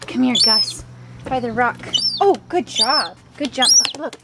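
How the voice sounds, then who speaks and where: A woman's voice: fairly high pitch, a little slow. A woman filming her pet seagull chick, coaxing and cheering it on in sing-song baby talk. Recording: loud background noise and bird chirps.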